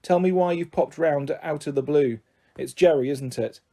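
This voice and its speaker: A brisk, self-centred middle-aged aunt, put on by a male reader, who chatters and brushes others off. She sounds a little high and soft-edged. She is bossy and never stops talking. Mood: gushing.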